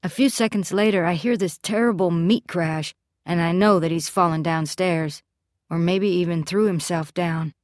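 A woman narrates an audiobook in the first person, her fairly low voice even and measured. It's captured close and dry as if in a studio booth, isolated with no room sound at all.

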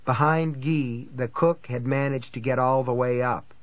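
A man narrating a first-person thriller audiobook in a tense, measured storytelling manner. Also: mid-range voice, steady tone, no echo, highs cut off.

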